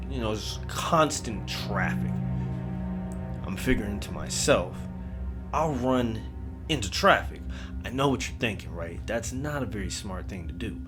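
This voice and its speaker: A man telling a first-person scary story in a casual, profane, street-style way. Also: on the low side. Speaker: horror story narrator. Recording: music bed under voice.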